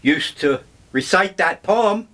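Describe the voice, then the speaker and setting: An older man vlogging, telling memories in a slow, wry, meandering way. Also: high voice, animated, fairly bright tone. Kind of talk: casual reminiscing monologue.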